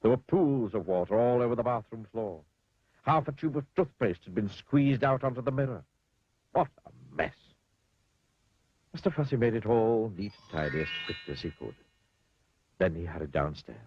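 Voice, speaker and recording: A man reads a children's storybook aloud expressively and playfully, sometimes addressing the listener. His voice is on the low side and slightly rough at normal speed, with the highs cut off.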